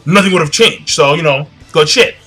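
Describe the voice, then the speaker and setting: An offhand henchman who brushes things aside calmly, as a man puts him on. The voice is high and bright, and his delivery is casual and unbothered. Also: normal speed, slightly rough, soft background music. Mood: dismissive. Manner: calm, dismissive. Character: calm, offhand male henchman.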